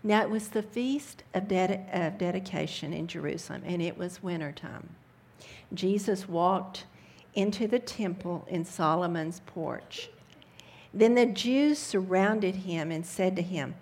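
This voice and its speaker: A woman's voice: medium pitch, lively intonation, slow, a little mellow. A woman teaching the Bible in a sermon style, reading scripture aloud and breaking in with fervent comments.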